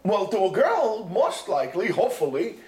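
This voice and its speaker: A man with a high voice gives an animated, informal lecture to yeshiva students, full of "you know" and "right?" and Hebrew and Yiddish words. His talk rings through an echoey lecture room. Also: normal speed. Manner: sprinkles Hebrew and Yiddish terms. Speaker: yeshiva teacher.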